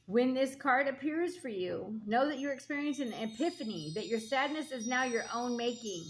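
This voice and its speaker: A woman's voice: fairly high pitch, lively intonation, moderate pace, faint music behind. A woman giving a spiritual oracle card reading. She reads the card text aloud and breaks in with earnest, casual asides, often checking in with "okay?" and "all right?". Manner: earnest and encouraging, speaking straight to the listener.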